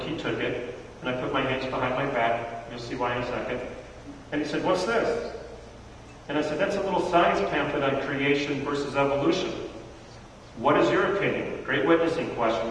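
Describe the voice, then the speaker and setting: A man in his thirties teaching a church audience, an animated storyteller who acts out the voices in his stories. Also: mid-range voice, a little fast, slight background noise. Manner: animated storyteller acting out dialogue. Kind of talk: lively talk to a live audience. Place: large hall with audience. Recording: echoey hall from far off.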